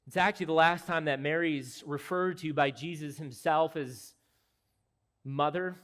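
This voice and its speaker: A man delivers an expository sermon from the pulpit, earnest and emphatic as he explains the text. His voice sits a little higher than most men's. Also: fairly bright tone. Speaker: pastor.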